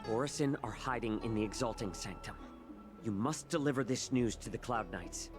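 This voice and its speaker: An actor playing a calm, firm male messenger in video game dialogue. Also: mid-range voice, normal speed, close to an everyday voice. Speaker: game character. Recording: game audio with music.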